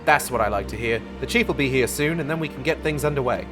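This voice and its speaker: A man voicing a gruff male scout with an odd, made-up accent and clipped delivery. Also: medium pitch, fast talker, music in the background, close to an everyday voice. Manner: put-on vague accent, clipped.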